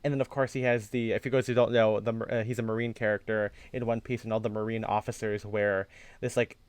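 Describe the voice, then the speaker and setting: A man's voice: on the low side, fast talker, smooth, no echo. Man, podcast co-host, casual rambling chat, jokey, dry close sound. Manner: rambling, animated, swearing, jokey.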